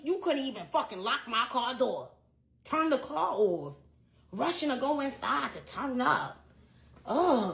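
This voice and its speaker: A young woman with a high, light voice tells a messy personal story in a casual rant. She is animated and exasperated, and she swears freely as she vents to her listeners. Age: young adult.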